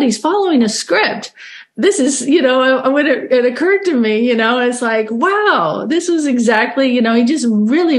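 A middle-aged American woman telling her recovery story in an earnest, halting way, with many restarts and fillers. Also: on the high side. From United States. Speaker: recovery speaker. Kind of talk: personal recovery share.

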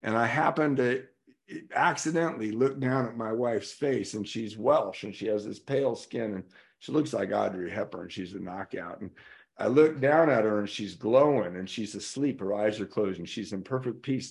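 A man's voice: on the low side, moderate pace, gravelly, darkish tone. A middle-aged man from California giving a candid personal recovery talk at a convention, telling stories and acting out what others said. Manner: candid storytelling, acting out quoted voices. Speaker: recovery speaker. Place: convention hall.

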